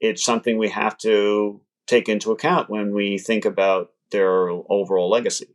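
A man, an author who studied law, giving thoughtful, measured answers as an interview guest. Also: lowish voice, flat delivery. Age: adult, past law school.

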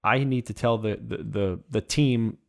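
A man's voice: on the low side, unhurried, vocal fry. A man, a baseball coach and former player, answering interview questions in an earnest way, often repeating words as he thinks.

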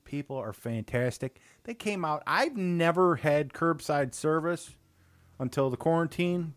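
A man's voice: fairly high pitch, unhurried, dry recording. A man with a Chicago accent co-hosting a podcast, chatting casually and animatedly while tasting beers and plugging local restaurants. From Northwest Indiana. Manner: animated, rambling restaurant plugs. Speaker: podcast co-host. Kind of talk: casual beer-tasting chat.

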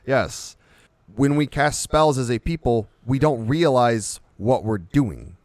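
A man's voice: medium pitch, lively intonation, slow, darkish tone, dry recording. Rambling man in casual chat, dry sound. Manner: rambling storyteller, builds vivid comic examples. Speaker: podcast co-host.

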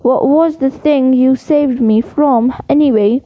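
A woman's voice: sits high, a little slow, phone-quality sound. A woman reading aloud, voicing a young schoolboy wizard who asks polite, tentative questions.

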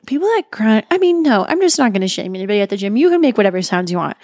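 A woman's voice: medium pitch, very animated, rapid-fire, a little mellow, no room sound, studio quality. A young woman co-hosting a casual chat who rambles and corrects herself mid-thought.

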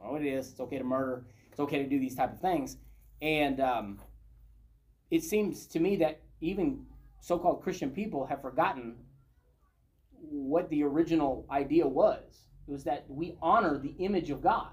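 A man teaching a Bible study, reading scripture aloud and then stopping to comment on it. His delivery is conversational and unhurried, more like a chat with the group than a formal sermon. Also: a little high, a little mellow.

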